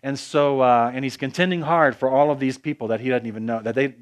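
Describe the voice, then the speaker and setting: A man's voice: mid-range voice, fast talker. A man preaching a conversational sermon, with frequent restarts and casual asides to the congregation.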